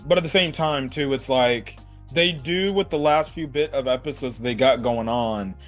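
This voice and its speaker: A man chatting casually as he reviews an episode, rambling and animated, filling his talk with "like" and "you know". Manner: animated, jumps between high and low pitch. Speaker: anime reviewer.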